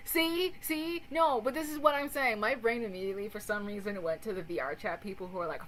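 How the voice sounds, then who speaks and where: Bright-voiced young woman, casual chat. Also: mid-range voice, fairly quick, rough recording. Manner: animated, laughs often, swears casually. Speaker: host. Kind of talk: casual chat while watching a recap.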